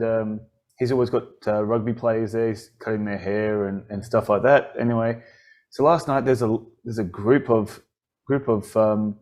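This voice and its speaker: An Australian man hosting a podcast in casual chat, telling stories in a rambling, animated way full of restarts. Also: medium pitch. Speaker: podcast host.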